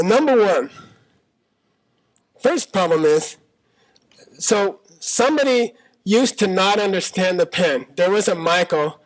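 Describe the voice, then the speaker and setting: A man's voice: high-pitched, rough recording. A man teaching a Buddhist talk to a live audience in a small auditorium, conversational, often checking in with "okay?" and arguing through questions. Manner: argues by voicing debating partners in questions.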